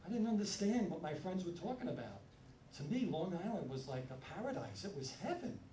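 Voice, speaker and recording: A man from Brooklyn doing a stand-up set, telling stories in a punchy, animated way. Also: high-pitched, brisk, slight background noise. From Brooklyn, New York. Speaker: stand-up comedian. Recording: roomy live sound from a distance. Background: audience laughter.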